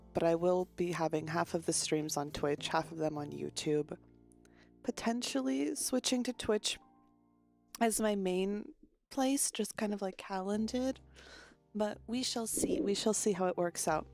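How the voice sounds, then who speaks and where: Woman streamer, casual chat, slightly low voice, faint music behind. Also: a little mellow. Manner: chatty, greets viewers one by one, loses her train of thought. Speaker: virtual streamer.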